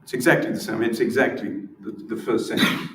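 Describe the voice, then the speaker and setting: Man presenter at a symposium, mid-pitched, explaining step by step, caught from a distance in a roomy hall. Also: fairly even intonation, fairly quick, slight background noise. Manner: explanatory, repeats words when restarting. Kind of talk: academic lecture with demonstrations. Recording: roomy echo from far off.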